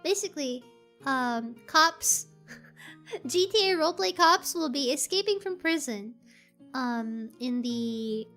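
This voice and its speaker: A very high, bright voice belongs to a woman streamer who gushes and squeals with excitement in casual livestream chat. She takes her time between words. Soft music plays faintly behind her.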